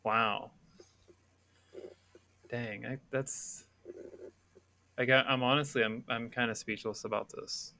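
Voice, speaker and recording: A man hosting a podcast, casually interviewing his guest and asking relaxed, curious follow-up questions. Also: mid-range voice, takes it slowly, long pauses. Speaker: podcast host.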